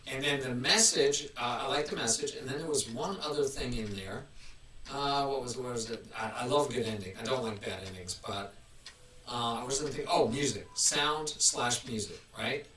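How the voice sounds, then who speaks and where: A man's voice: mid-range voice, normal speed, sharp tone, slight background noise. A man hosting a casual live stream, chatting in a rambling way and restarting his sentences often. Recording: roomy, mic at a distance.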